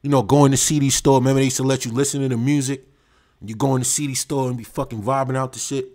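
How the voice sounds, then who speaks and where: A man's voice: medium pitch, quick pace. Slangy New man on a livestream. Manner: animated, slangy, reminiscing, talks straight to viewers. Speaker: livestream host. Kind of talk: casual livestream chat.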